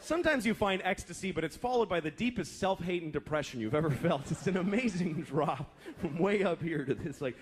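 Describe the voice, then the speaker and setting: A man's voice: lively intonation, a little fast, hardly any pauses. Profane stand-up comedian in his thirties. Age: 30s. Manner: profane, shifts into acted voices, deep groaning mimicry. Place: comedy club stage. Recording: live club with crowd laughter and noise.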